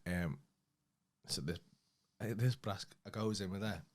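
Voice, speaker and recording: A man's voice: deep voice, a little slow. A young man, co-hosting a casual podcast and telling rambling, sweary anecdotes. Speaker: podcast co-host. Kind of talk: casual chat, storytelling.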